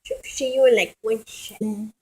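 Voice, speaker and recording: A woman's voice: on the high side, fairly even intonation, moderate pace, low-quality recording. A woman vlogging casually at home in her kitchen, rambling, swearing and giggling as she talks.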